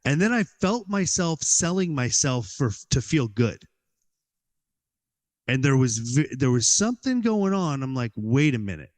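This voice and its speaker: A man as a podcast guest, telling a personal story in an animated way and acting out his own inner dialogue, with many "like"s. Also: fairly high pitch, a little slow.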